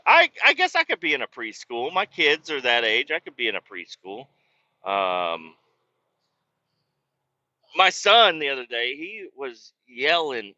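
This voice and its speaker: Animated, rambling guy with a bright voice. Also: mid-range voice, no room sound, dull audio. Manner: animated, rambling, swears often, laughs a lot. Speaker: podcast host. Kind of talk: casual podcast monologue. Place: driving in a car on a bumpy road.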